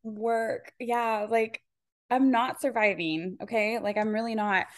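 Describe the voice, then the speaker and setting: A woman's voice: a little high, fairly even intonation, a little slow, no room sound, clean studio sound. A woman hosting a podcast in casual chat, talking in a chatty, rambling way with lots of filler words. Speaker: podcast host.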